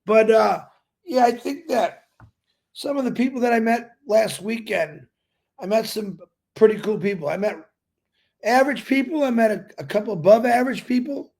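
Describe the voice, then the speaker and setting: A man's voice: high voice, moderate pace, gravelly, darkish tone. A man hosting a daily live stream, greeting viewers by name and chatting in an upbeat, rambling way.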